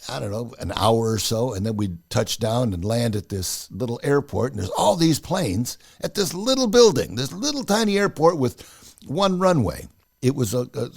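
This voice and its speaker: Animated male storyteller with lively pitch. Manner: animated, acts out the dialogue. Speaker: podcast host. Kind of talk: casual personal storytelling.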